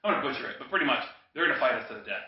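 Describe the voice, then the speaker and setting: A man's voice: medium pitch, expressive, racing. A man co-hosting a podcast, ranting casually and profanely over drinks, heated and jokey. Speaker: podcast co-host. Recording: roomy, distant, dull lo-fi home recording.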